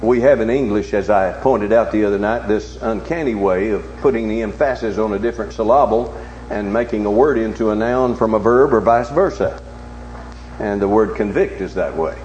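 A male preacher giving a sermon, swinging from low hushed tones to loud, emphatic challenges with repeated rhetorical questions. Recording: echoey, dull recording with faint hum.

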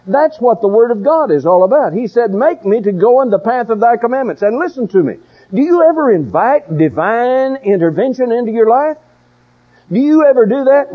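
Older male preacher, lively high pitch. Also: muffled recording. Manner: folksy, emphatic, with storytelling asides. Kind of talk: sermon.

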